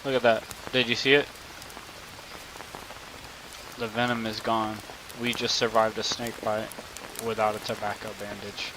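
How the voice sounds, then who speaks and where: A man giving a relaxed, filler-heavy gameplay tutorial. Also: fairly low pitch, normal speed. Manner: relaxed, drawling, many fillers. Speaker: game tutorial host. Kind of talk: casual gameplay tutorial commentary. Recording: loud game rain noise behind. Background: loud rain and jungle game sounds.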